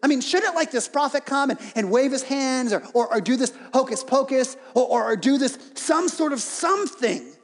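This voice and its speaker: Preacher guy doing a huffy proud commander, griping he got snubbed, high voice, big echoey hall. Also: moderate pace, lightly acted. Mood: exasperated. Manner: exasperated, complaining. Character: indignant proud foreign army commander, man. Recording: reverberant hall.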